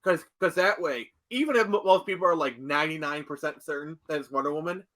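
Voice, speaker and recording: A man's voice: fairly high pitch, quick pace, a bit bright. A man co-hosting a podcast in casual chat, rambling with constant fillers. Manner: rambling, heavy fillers like "like" and "you know". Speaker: podcast co-host.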